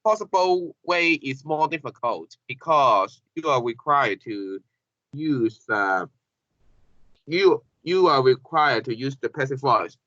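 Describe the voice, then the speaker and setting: A man teaching an English grammar lesson, halting and repeating phrases with many fillers. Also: mid-range voice, expressive, pushed and bright, no room sound. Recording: dull lo-fi classroom recording.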